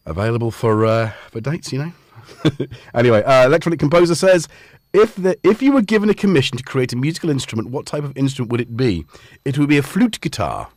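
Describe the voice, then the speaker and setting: A Scottish man hosts a casual livestream chat from his home studio, joking playfully with viewers. His medium-pitched, darkish voice comes through a studio dynamic mic with no echo.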